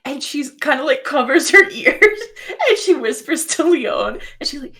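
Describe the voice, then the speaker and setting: A woman's voice: sits high, expressive, unhurried, a bit bright. A woman playing a tabletop game, giggly and hesitant, over an online call. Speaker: player.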